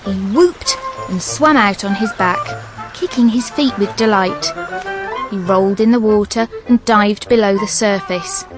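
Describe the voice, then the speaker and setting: Woman narrator for a children's audiobook, expressive, mid pitch. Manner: lively, expressive storytelling.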